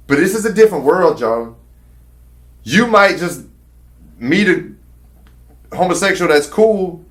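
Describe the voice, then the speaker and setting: A man casually telling his own story, candid and profane, rambling with fillers. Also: fairly high pitch. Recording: roomy echo.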